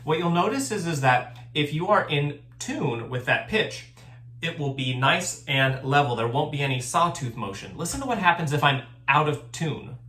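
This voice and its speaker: A man's voice: on the high side, lively intonation, normal speed, pushed and bright, reverberant. A man teaching a recorded choir lesson, explaining things patiently and step by step. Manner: patient, step-by-step instruction with sung examples.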